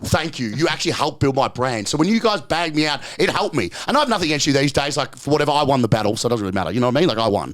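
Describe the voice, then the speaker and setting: A man's voice: mid-range voice, expressive, rapid-fire, hardly any pauses, a bit bright. A man, a podcast guest and strength coach, talking brashly and boastfully in casual chat, joking and swearing freely, right up on the microphone. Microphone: very close to the microphone.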